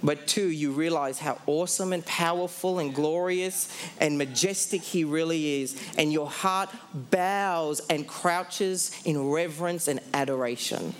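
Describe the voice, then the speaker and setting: Male preacher, high voice, emphatic sermon, slows down on key lines, asks and answers questions, faint background hum. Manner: asks the audience questions, then answers them.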